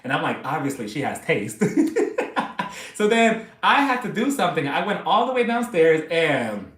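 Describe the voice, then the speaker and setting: A man hosting a casual live stream, chatting excitably and gossiping about reality TV between laughs. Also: high voice, moderate pace, roomy sound.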